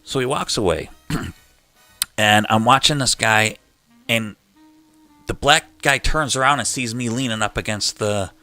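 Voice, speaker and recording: A middle-aged man hosting a live chat show, telling a long story in a loose, animated way and acting out the people in it. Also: mid-range voice, a little slow, long pauses, dry recording, faint music behind. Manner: rambling, animated retelling with quoted voices. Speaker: host.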